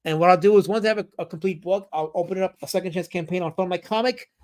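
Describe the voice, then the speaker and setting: High-pitched animated male streamer. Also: racing. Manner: animated, jokey, reads chat aloud. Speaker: streamer and comic creator. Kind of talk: live stream chat reading.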